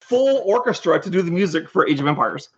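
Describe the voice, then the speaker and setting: A man's voice: sits high, brisk, husky, lo-fi sound. A man, a game designer appearing as a podcast guest, telling rambling anecdotes and restarting his sentences as he goes. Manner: animated, rambling storyteller who restarts sentences. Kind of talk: casual anecdotal storytelling.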